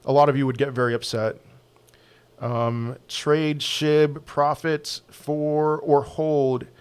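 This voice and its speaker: A man hosting a casual live question-and-answer stream, giving blunt, quick opinions and getting animated on sports. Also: mid-range voice. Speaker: crypto channel host answering viewer questions.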